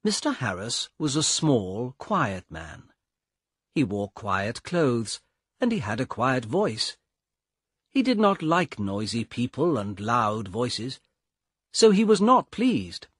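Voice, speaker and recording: Man reading a learner storybook, real slow, husky voice, lively pitch, dry close mic. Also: no room sound. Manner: slow, clear, carefully paced reading. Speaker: audiobook narrator. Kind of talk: scripted narration for English learners.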